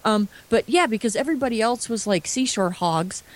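Animated, swearing woman co-host. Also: on the high side, fairly quick. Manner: animated, swears freely, many restarts. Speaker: podcast co-host. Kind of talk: casual chat.

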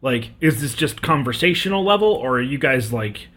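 A man's voice: medium pitch, animated, moderate pace, fairly bright tone. A man running a tabletop game as game master, explaining rules in a casual way.

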